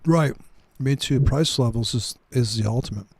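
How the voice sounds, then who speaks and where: A man's voice: mid-range voice, normal speed, darkish tone, slightly rough, dry recording. A man hosting a casual group chat about trading, joking and rambling with many restarts.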